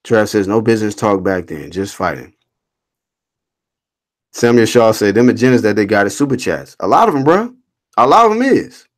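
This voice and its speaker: A man's voice: lowish voice, moderate pace, long pauses. A man hosting a casual boxing livestream, reading chat comments aloud and answering them in a blunt, slangy, swearing rant. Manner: blunt, animated, reads chat comments aloud and rants back.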